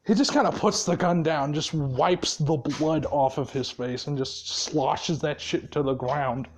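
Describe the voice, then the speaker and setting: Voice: medium pitch, measured pace. A storyteller telling a fan-made story in a rambling, profane, casual way, with lots of fillers and frequent laughs.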